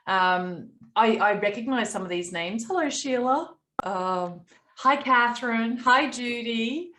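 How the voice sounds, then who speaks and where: A woman hosting a group mentoring video call, chatting casually with lots of pauses and ums. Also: medium pitch, a bit bright.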